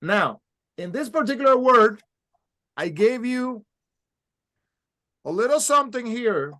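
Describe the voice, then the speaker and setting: Man, high voice, patient step-by-step pronunciation lesson. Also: sing-song, measured pace, sharp tone. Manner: patient, explains step by step, models sounds. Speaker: Spanish teacher. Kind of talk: recorded language lesson.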